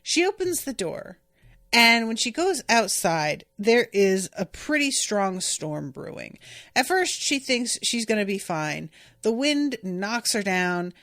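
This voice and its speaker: A woman's voice: mid-range voice, very animated, slow pace, a bit bright, no room sound. A woman hosting a podcast, recapping an episode in a chatty, exasperated way with lots of filler words. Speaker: podcast host. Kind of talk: casual episode recap and commentary.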